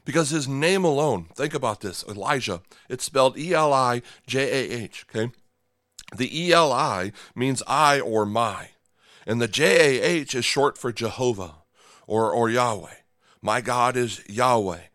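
A man's voice: mid-range voice, expressive, a little slow, a bit bright, dry recording. Dynamic male preacher, dry close sound. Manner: dynamic, drops to near-whisper for emphasis, repeats phrases; checks in with the audience with "right?" and "okay?". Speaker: pastor. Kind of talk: sermon.

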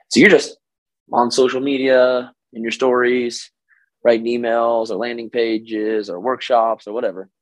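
A hoarse man from Oklahoma hosting a casual solo podcast as a coach, energetic and stammering on repeated words. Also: mid-range voice, no echo, rough recording. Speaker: podcast host and business coach.

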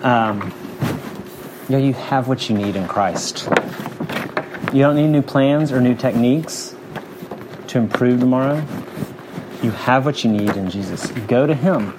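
A man preaching a sermon, earnest and conversational, stacking up repeated phrases. His voice sits at an ordinary middle pitch. A faint hiss runs underneath. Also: unhurried, pauses often. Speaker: pastor.

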